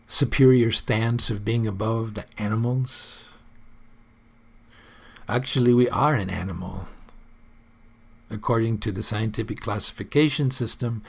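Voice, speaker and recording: A man's voice: mid-range voice, husky. A man hosting his own personal report, musing aloud in an earnest, casual monologue.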